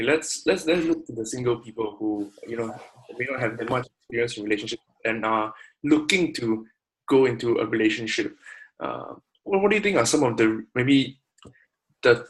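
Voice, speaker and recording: A man's voice: mid-range voice, rough recording. A man hosting an interview, who asks his questions hesitantly with plenty of fillers. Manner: hesitant, with many fillers while asking questions. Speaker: interview host. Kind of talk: interview conversation.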